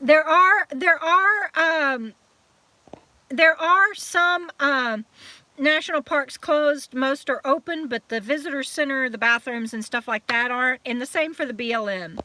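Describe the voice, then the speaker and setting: A woman hosting a live stream chat, warmly thanking viewers by name and trailing off with fillers as she signs off, still a little emotional from crying. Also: high voice, a little slow, no echo. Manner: chatty and affectionate, reading out viewer comments with many fillers.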